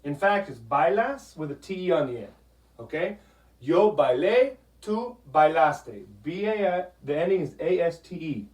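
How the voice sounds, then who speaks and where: A man teaching a Spanish grammar lesson, patient, repeating "okay?" often and sounding out words slowly. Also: on the high side, animated. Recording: echoey room, voice from a distance.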